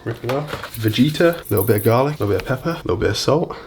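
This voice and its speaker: A man's voice: medium pitch, animated, very fast, a little hiss or hum. A young man vlogging casually as he cooks in a home kitchen, talking loosely, swearing freely and joking at his own expense. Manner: chatty, loose and profane, jokes at himself. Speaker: fitness vlogger. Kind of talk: casual cooking and diet vlog.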